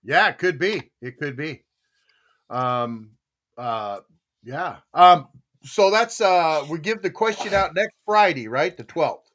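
Animated older man telling stories. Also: a little high, takes it slowly. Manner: animated, laughing, acts out voices in his stories. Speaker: podcast host. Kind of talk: casual storytelling chat.

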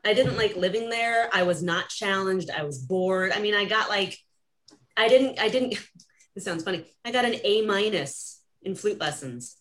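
A woman's voice: mid-range voice, lively intonation, moderate pace, fairly bright tone. A woman hosting a podcast, telling stories casually, laughing often and acting out the voices she quotes. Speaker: podcast host. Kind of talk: casual conversational storytelling.

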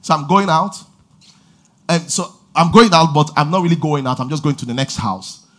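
A man preaching a lively sermon, shouting call-and-response lines and laughing between stories. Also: fairly high pitch, moderate pace. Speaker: pastor.

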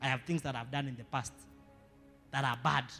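A male pastor with a Kenyan accent preaching a sermon, building to shouted emphasis with playful Swahili asides. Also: medium pitch, steady tone, fairly quick. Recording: live church sermon with long reverb and faint music.

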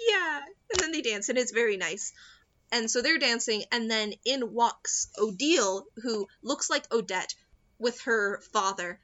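A woman's voice: on the high side, a little slow, fairly bright tone. A young woman in casual chat, rambling and giggling as she recaps a movie and acts out the characters' lines. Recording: dull lo-fi sound.

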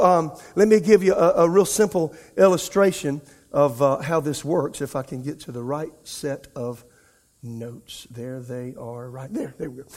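A male pastor preaching an impassioned sermon, his voice rising and falling in loudness. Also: on the high side. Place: church sanctuary. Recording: long reverb of a large church hall.

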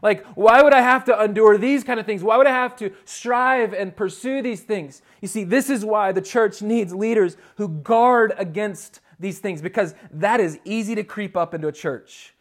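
A man in his thirties preaching in a loose, conversational way, full of asides and quick restarts. His voice sits high for a man. He keeps the sermon animated. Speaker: pastor.

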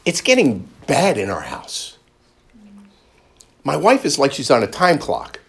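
A man preaching a testimony sermon, joking with the congregation and breaking into loud high quoted voices. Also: huge pitch swings, a little slow, gravelly, background noise.

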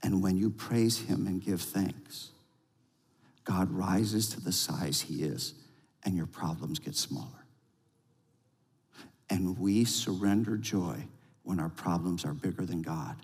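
A male pastor delivering a sermon, telling a lively story and then leading a quiet prayer. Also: deep voice, slow pace, long pauses. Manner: storytelling with rising excitement, then hushed prayer. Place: church sanctuary. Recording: long reverb of a large hall.

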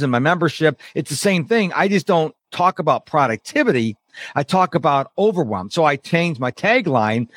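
Middle-aged male guest, brisk and animated, fairly high voice, dry close mic. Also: no room sound. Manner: animated, quotes people in lively voices. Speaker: productivity coach, podcast guest. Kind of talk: casual interview talk.

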